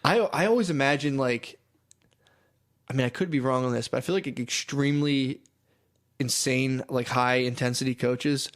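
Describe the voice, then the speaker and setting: A man's voice: medium pitch, normal speed. A young man co-hosting a podcast in casual, crude chat, swearing and laughing often. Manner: profane, joking, laughs often. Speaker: podcast co-host.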